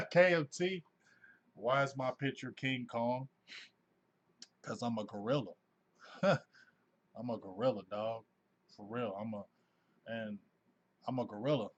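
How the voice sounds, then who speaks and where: A man in his forties hosting a casual sports fan livestream, talking in an animated, effusive way and reading out viewers' names. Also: mid-range voice, slow pace, pauses often, lo-fi sound. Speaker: host of a sports fan live show.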